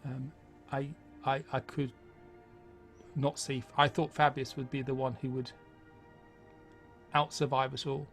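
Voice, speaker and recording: Dude doing a confused paladin guy, halting, muddled. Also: medium pitch, flat delivery, fairly bright tone, faint music behind. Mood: bewildered. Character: bewildered male paladin warrior.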